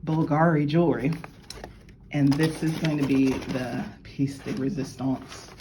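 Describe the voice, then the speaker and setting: A woman, gushing and excitable as she unboxes jewelry and chats with viewers she calls y'all. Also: a bass voice, measured pace, noisy background. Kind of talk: casual unboxing chat to viewers. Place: at work.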